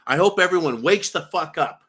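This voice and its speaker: A man's voice: fairly high pitch, expressive, fairly quick, a bit bright, breathy edge. A man hosting a political commentary show, ranting angrily and swearing constantly while he talks to his viewers. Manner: profane, furious, repeatedly addresses viewers as folks. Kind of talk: angry political rant.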